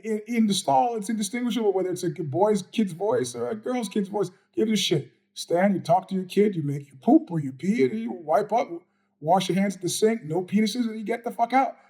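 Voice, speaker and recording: A man's voice: high-pitched, mellow. A middle-aged man hosting a mailbag show, answering viewer questions in a blunt, profane, combative monologue. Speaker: podcast host.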